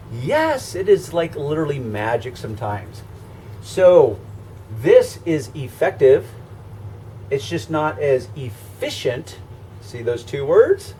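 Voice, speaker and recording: A man teaches car scratch repair through a hands-on demo, conversational and emphatic as he goes step by step. His voice is fairly high and warm, swinging widely in pitch at a slow pace, over a slight hiss or hum.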